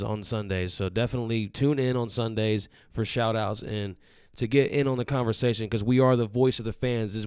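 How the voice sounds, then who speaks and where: A man hosting a postgame fan chat, steady and upbeat as he plugs the show. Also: on the low side, clean tone, no echo, clean studio sound. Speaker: host.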